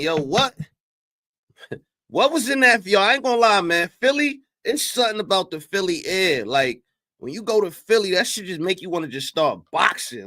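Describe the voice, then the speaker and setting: A young man hosting a live stream, reacting to a clip with animated, incredulous commentary and talking to his chat. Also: sits high. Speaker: streamer reacting to battle rap clips.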